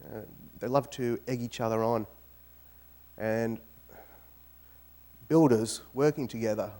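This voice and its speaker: An Australian man giving a lively, joking talk as a guest speaker to an audience in a university auditorium. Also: medium pitch, slow. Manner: joking, animated storytelling.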